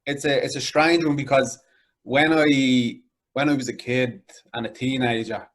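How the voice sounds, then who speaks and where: A man's voice: medium pitch, steady tone, measured pace. A young man with a Dublin inner-city accent, talking casually as an interview guest with many fillers like "like" and "you know". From Ireland.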